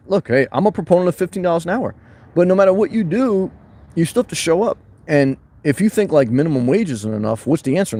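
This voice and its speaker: Boisterous man chatting on a livestream. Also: medium pitch. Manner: loud, boisterous, shifting between fired-up and calm. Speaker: livestream host reading chat. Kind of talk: casual livestream chat. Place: his van.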